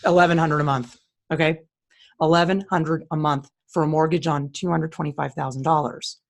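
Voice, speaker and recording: A woman's voice: low voice, steady tone, fairly quick, creaky. A woman co-hosting a casual talk, walking through listings on screen in a blunt, opinionated, plain-spoken way. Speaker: co-host. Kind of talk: casual screen-share commentary.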